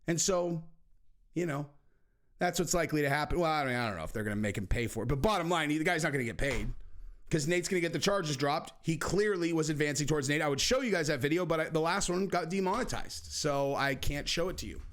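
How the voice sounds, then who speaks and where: A man's voice: on the high side, animated, quick pace, fairly bright tone. Sarcastic man ranting casually. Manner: sarcastic, acts out quotes with shifting voices. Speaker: commentator. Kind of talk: casual commentary vlog.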